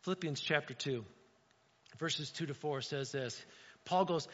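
A man's voice: on the high side, measured pace, pauses often. A man preaching a sermon as a pastor, talking in a conversational way with frequent "right?" asides to the congregation. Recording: echoey hall, dull lo-fi sound.

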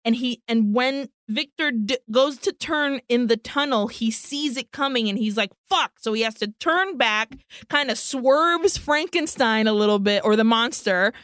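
A woman co-hosting a podcast, recapping a film in casual chat, animated, swearing freely and acting out the characters' lines. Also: on the high side, unhurried, hardly any pauses, dry recording, clean studio sound. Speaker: podcast co-host.

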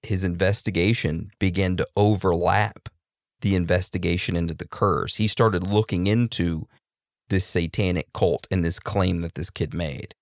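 A man's voice: sits low, fairly even intonation, normal speed, no echo, clean studio sound. A man co-hosting a casual true-crime podcast, laid-back with joking asides. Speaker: podcast co-host.

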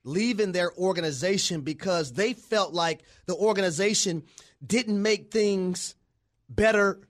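A man co-hosting a sports radio show from a studio, talking in an excitable, hollering, sing-song way. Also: high voice, measured pace. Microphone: studio microphone.

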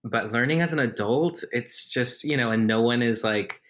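A man's voice: mid-range voice, moderate pace, a bit bright. A man guesting on a podcast, laid-back and self-deprecating, talking casually and laughing often. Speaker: guest, stage performer. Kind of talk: casual interview chat.

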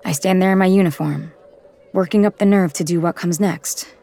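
Low-voiced woman narrating an audiobook. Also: normal speed, warm tone, a little hiss or hum. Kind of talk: first-person audiobook narration.

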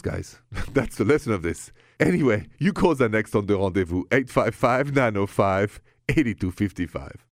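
A man's voice: lowish voice, expressive, a little fast, few pauses, no room sound. French-accented male radio host, dry studio sound. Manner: warm, playful, romantic. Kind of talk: late-night call-in radio chat. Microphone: studio microphone.

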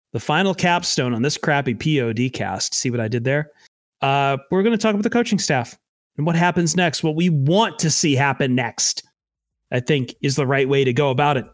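A man's voice: fairly high pitch, dry recording, clean studio sound. Wry man hosting a sports podcast. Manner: sarcastic, joking. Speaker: podcast host. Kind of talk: casual sports podcast chat.

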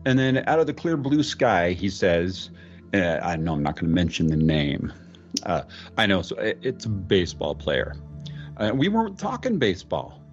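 Low-voiced man telling a spooky story. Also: huge pitch swings, dull audio, faint music behind. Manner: slipping in and out of a celebrity impression; halting, repeats words, sudden high exclamations. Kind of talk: dramatic retelling of a ghost story.

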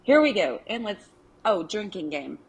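A woman's voice: medium pitch, big pitch swings, normal speed, husky, rough recording. A woman with a strong Arkansas accent, a listener sending a chatty, folksy, self-teasing recorded message to a podcast.

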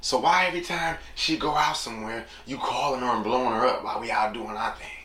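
A man's voice: medium pitch, quick pace. A man hosting a casual solo talk show, rambling in slang and acting out little quotes. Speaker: podcast host. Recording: echoey room with steady noise.

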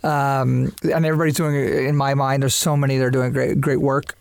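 A man's voice: medium pitch, flat delivery, moderate pace, gravelly, clean tone, no echo. A man from Canada hosting a podcast, talking with rambling enthusiasm. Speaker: podcast host. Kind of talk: casual podcast chat.

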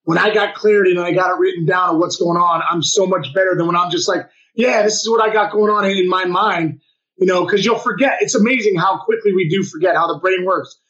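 A man's voice: high-pitched, a little fast, a bit bright, muffled recording. A man co-hosting a podcast as a former ballplayer, agreeing enthusiastically and repeating his points. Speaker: former baseball player and co-host. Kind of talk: casual podcast chat.

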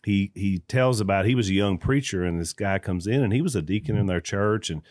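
A man with a lowish voice co-hosts a casual faith podcast. He tells his stories with animation and plays out the quoted dialogue. The sound is dry and close. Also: fairly quick, darkish tone, no room sound. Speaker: podcast co-host.

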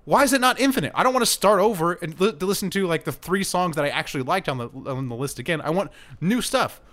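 A man on a casual sports podcast, venting in a lively, swooping voice that sits a little high. He swears freely and keeps breaking into laughter. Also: fast talker. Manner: ranting, swearing, laughing often. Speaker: podcast host. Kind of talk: casual chat.

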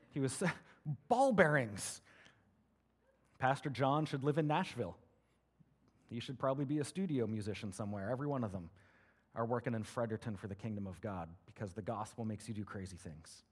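A man preaching a sermon as a pastor, in an energetic, conversational way full of rhetorical questions. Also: mid-range voice.

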